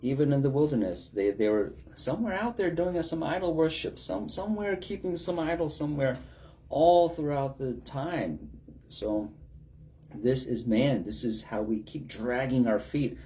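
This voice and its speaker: Mellow-voiced male preacher. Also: medium pitch, lively intonation, normal speed. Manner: conversational, asks rhetorical questions, acts out quotes. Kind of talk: sermon.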